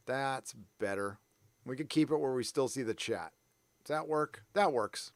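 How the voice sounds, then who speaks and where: A man from San Diego, California hosts a live stream at a measured pace, his voice mid-range with no echo. He keeps the chat casual, wandering from topic to topic and running himself down.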